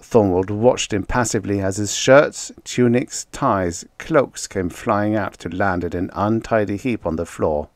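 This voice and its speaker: Slow, low male narrator for a vintage sci-fi audiobook; dry, close sound. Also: no echo. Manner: measured storytelling. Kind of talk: scripted narration.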